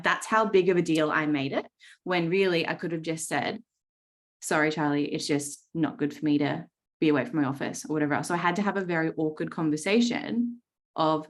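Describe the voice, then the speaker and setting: An Australian woman in her thirties coaching traders on a video call, blunt and swearing freely, often checking in with "right?". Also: sits low. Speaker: trading coach. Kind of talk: live coaching session talk.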